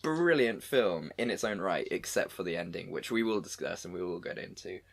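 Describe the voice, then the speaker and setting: A man's voice: low voice, lively intonation, a little fast, vocal fry. A man co-hosting a casual comedy podcast, rambling a little and circling back to his welcomes. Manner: rambling, with fillers and repeated welcomes. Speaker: podcast co-host.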